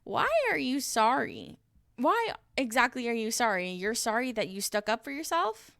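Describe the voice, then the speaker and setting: Casting note: woman in her thirties, vocal fry, clear tone, dry close sound, blunt reality-TV recapper. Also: fairly high pitch, big pitch swings, normal speed, a bit bright, no echo. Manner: blunt, exasperated, swears freely. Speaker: reaction vlogger. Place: dim room at home.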